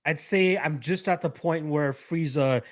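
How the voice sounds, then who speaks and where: A man's voice: a little high, unhurried, no room sound. A young man from Canada co-hosting a podcast, chatting casually and rambling with lots of fillers and easy laughs. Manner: laid-back rambling with frequent fillers and laughs. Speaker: podcast co-host. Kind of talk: casual chat.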